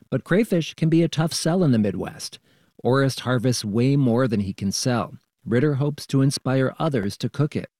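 A man, a radio reporter, narrating a scripted news feature in a calm, measured way. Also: medium pitch, dry recording, studio quality.

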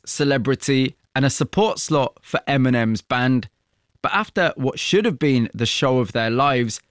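A man interviewing a guest and narrating the story between questions, probing and measured. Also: mid-range voice, clear, resonant tone, dry recording, studio quality.

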